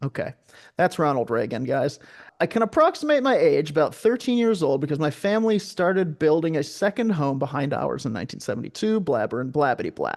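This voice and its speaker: A man with a slightly high voice hosts a comedy podcast. He reads a report aloud and keeps breaking off for jokey asides and riffs. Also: big pitch swings, a little fast. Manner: jokey, riffing asides while reading. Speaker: podcast host. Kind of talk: comic podcast banter, reading sighting reports aloud.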